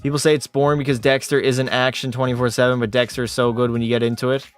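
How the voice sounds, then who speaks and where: A Canadian gaming streamer chats casually on a livestream, reading viewer messages aloud and bantering back with animated jumps in pitch. He talks fast, with a clear, resonant voice, and faint music plays behind him.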